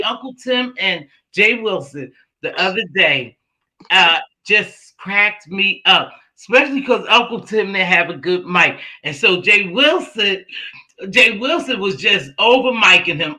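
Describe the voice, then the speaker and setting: Bright-voiced animated woman livestreamer. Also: mid-range voice, a little slow, low-quality recording. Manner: animated, shouting and laughing when excited. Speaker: livestream host. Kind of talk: casual livestream chat.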